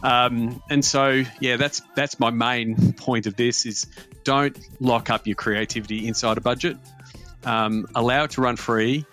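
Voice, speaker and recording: A man hosting a podcast, wrapping up in a relaxed, off-the-cuff way with ums and repeated words. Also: mid-range voice, unhurried, soft background music. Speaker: podcast host. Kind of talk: casual podcast wrap-up talk.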